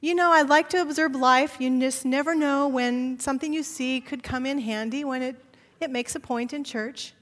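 A woman's voice: sits high, steady tone, normal speed, fairly bright tone. A woman pastor preaching a sermon, telling a story and acting out the dialogue. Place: church sanctuary. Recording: long church hall reverb.

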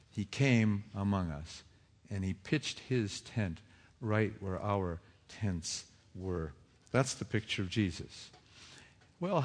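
A man preaching a sermon, asking his listeners question after question and moving between hushed reflection and rising fervor. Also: lowish voice. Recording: long hall reverb.

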